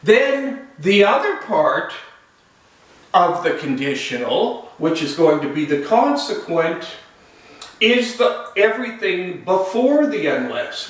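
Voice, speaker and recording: A man with a fairly high voice explains step by step, his pitch swinging up and down as he stresses words. He speaks unhurriedly. The sound is very echoey, picked up from well away from the mic. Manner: slow, deliberate, lively rising and falling intonation. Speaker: logic instructor. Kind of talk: recorded lecture. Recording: echoey room, voice far from mic.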